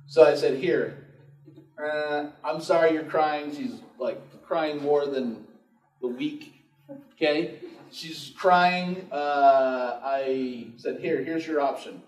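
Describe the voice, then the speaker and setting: A man's voice: a little high, takes it slowly. Man telling stories to a workshop room. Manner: casual storytelling, acts out dialogue. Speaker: real estate investor teaching a workshop. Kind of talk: live workshop talk to an audience. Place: room with an audience. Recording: echoey room recorded from far off.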